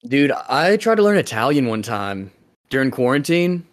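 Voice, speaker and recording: A man's voice: medium pitch, very animated, normal speed. A young man with a Southern Arkansas accent, co-hosting a podcast in casual, joking chat and saying dude a lot. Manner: laid-back, joking, says dude a lot. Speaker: podcast co-host.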